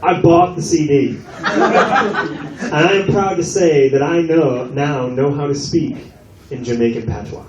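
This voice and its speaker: A man's voice: a little high, a little slow, highs cut off. A male stand-up comedian doing a brash, profane set on a comedy club stage. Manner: brash, profane, animated delivery. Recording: echoey club from a distance with crowd. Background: audience laughter.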